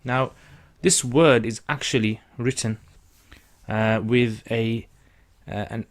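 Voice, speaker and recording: Slow, patient male reading teacher. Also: mid-range voice, steady tone. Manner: patient, repeats syllables and stretches vowels for learners. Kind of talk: slow step-by-step lesson.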